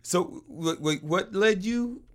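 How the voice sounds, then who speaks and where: A man's voice: high voice, slow pace, a bit bright. A man hosting a casual chat, asking questions in a playful, jokey way. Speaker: host.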